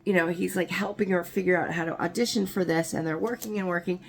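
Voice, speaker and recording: A woman's voice: on the low side, steady tone, quick pace, vocal fry, a little hiss or hum. A woman casually retelling a movie's plot, rambling and full of "like" and "you know", breaking off for small asides. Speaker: movie explainer.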